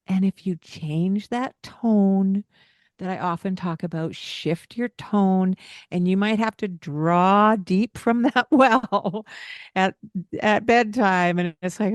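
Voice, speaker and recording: A woman's voice: lowish voice, a little slow, darkish tone, no echo, studio quality. A woman hosting a parenting podcast in casual chat, laughing often and acting out the lines a parent might say.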